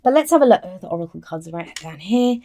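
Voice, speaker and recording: A woman's voice: fairly low pitch, lively intonation, quick pace, dark tone. A woman giving a casual tarot reading to camera, chatty and explaining each card, often restarting her sentences, with a microphone close by. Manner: chatty, explains cards with frequent restarts and "I always say". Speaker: tarot reader. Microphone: mic within reach of her arm.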